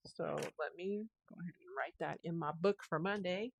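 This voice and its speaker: Gravelly-voiced woman rambling through her week. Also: on the low side, normal speed. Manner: rambling, restarts sentences, retells phone calls. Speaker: podcast host. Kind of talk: casual solo podcast monologue.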